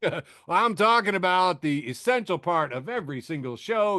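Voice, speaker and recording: A man's voice: sits high, expressive, normal speed, background noise. Sardonic man hosting a podcast, laughing. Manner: sardonic, laughs at own jokes; filler-heavy, restarting. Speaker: podcast host. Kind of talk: casual news chat.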